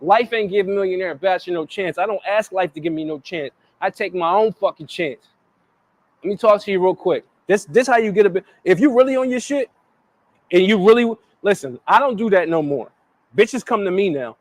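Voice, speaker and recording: A man's voice: high voice, a little fast, dry recording. A man giving crude, swaggering dating advice, emphatic and profane.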